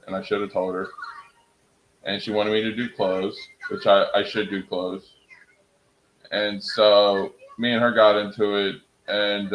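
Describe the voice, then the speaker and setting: A young man talks casually on a home live stream, rambling and excitable, often laughing at his own stories. His voice sits a little low for a man. The room around him is echoey and roomy. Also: highs cut off.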